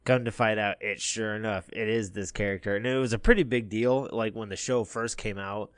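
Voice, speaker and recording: Man, fairly low voice, dry close sound, casual rambling chat, lots of ums and restarts. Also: steady tone, a little fast, no echo. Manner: rambling storyteller with many fillers and restarts. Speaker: podcast co-host.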